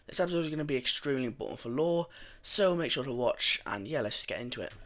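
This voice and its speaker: Young male YouTube narrator, mid pitch, casual and rambling, full of fillers. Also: fast talker. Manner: relaxed, rambling, many fillers and restarts. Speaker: mapping video narrator.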